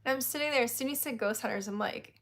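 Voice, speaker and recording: A woman's voice: a little high, rapid-fire, fairly bright tone. A woman hosting a casual chat, telling a story candidly and laughing often. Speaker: host.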